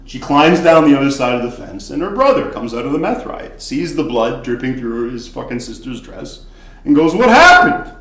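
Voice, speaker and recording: A man telling a comedic bar story casually, profane and swinging between loud and hushed. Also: mid-range voice, animated, normal speed. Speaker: podcast storyteller, former bartender. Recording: echoey room.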